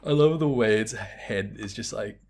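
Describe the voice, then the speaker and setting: A man's voice: on the low side, normal speed, darkish tone. Tired, chatty man streaming a game. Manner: chatty, swears freely, laughs at the game. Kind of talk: casual game commentary. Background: game music.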